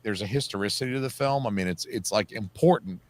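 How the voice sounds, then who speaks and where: A man's voice: fairly low pitch, quick pace. A man co-hosting a casual livestream chat, joking and enthusiastic, with lots of "like" fillers. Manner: joking, enthusiastic, says "like" often.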